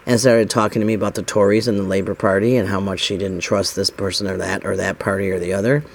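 A man's voice: lowish voice, little pitch movement, quick pace, creaky. A middle-aged man from the United States tells a personal story in a rambling, casual way, voicing the dialogue with lots of "I said" and "he says".

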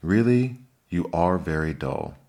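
A gruff, impatient male Griffin, as a male narrator puts him on in a storybook reading. He snaps and scolds in short bursts, raised and louder over a deep base voice. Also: animated, a little slow. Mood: brusque. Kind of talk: audiobook character reading.

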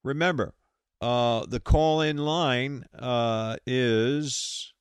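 A man's voice: medium pitch, clean tone, no room sound, studio quality. A man with a New York accent hosting a radio show, reading announcements and trading jokes in a loose, casual way. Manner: loose, joking banter with quick asides.

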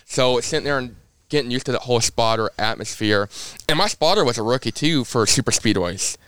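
A young race car driver appears as a podcast guest, casually telling rambling, animated anecdotes full of fillers. His mid-range voice is brisk and smooth, heard close up in a clean, dry recording.

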